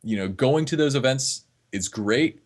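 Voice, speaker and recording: A man's voice: medium pitch, lively intonation, measured pace. A man from northeast Florida, a fitness trainer talking earnestly as a podcast guest, often restarting his words. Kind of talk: casual podcast conversation.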